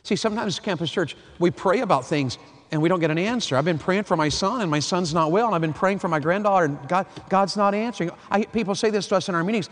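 A man, preaching a sermon, swinging from hushed to loud. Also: high-pitched, quick pace. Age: 50s. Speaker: pastor. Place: large church hall. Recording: long hall reverb.

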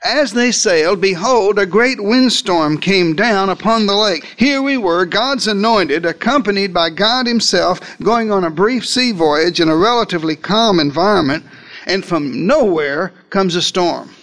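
Male preacher, high voice, dramatic first-person storytelling sermon, talks straight to the congregation. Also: animated, a little slow, a bit bright. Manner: addresses listeners directly.

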